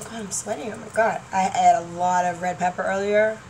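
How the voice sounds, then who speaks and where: A middle-aged woman chatting in a rambling, excitable way on her home vlog, laughing often and trailing off mid-thought. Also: medium pitch, brisk. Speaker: YouTuber. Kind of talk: rambling casual vlog chat. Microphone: laptop webcam mic. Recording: distant mic, faint room noise.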